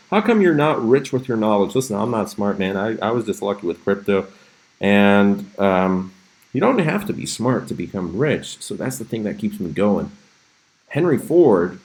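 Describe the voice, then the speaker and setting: A man's voice: lowish voice, darkish tone, poor audio. A man hosting a casual livestream, chatting, reacting to memes and answering viewers' questions with frequent laughs. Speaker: crypto livestream host. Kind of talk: casual livestream commentary reading chat.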